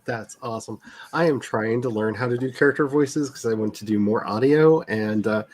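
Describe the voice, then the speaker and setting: A man's voice: mid-range voice, normal speed, a little mellow. A man co-hosting a casual writing stream chat, playful and upbeat, asking each guest in turn. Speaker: co-host of a writing sprint stream.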